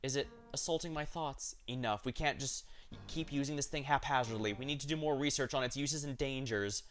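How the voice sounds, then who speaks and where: A man's voice: mid-range voice, fairly quick, fairly bright tone. A man streaming as he narrates a game story aloud, reading steadily with occasional slips and corrections.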